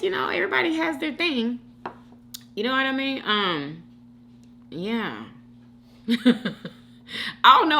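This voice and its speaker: Woman mukbang host, casual reaction chat, lively pitch swings, bright tone, laughs often. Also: slight background noise. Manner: animated, chatty, laughs often, talks straight to viewers.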